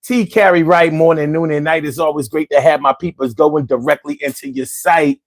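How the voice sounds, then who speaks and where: A man hosting a casual livestream, reading chat and talking in street slang, swinging from low mutters to loud exclamations. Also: steady tone, normal speed. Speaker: livestream host. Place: home.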